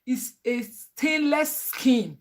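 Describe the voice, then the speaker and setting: A woman's voice: sits high, expressive, drawn-out words. A woman with a Nigerian accent, a mother chatting animatedly in a family vlog, laughing often and mixing English with pidgin.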